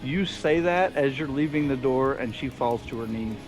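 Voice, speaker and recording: A man's voice: medium pitch, moderate pace, over music. A man narrating as game master of a tabletop game, loose and chuckling, full of fillers.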